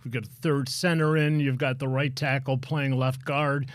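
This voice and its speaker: A man who used to play, speaking plainly and haltingly on a live football panel. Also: medium pitch, little pitch movement, dry recording. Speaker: former player, panelist. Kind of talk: live sports talk panel.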